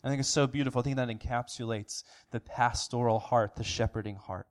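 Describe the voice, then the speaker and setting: A man's voice: mid-range voice, fairly even intonation, brisk. A man preaching an earnest sermon as pastor, asking rhetorical questions and restarting phrases now and then. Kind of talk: sermon recap.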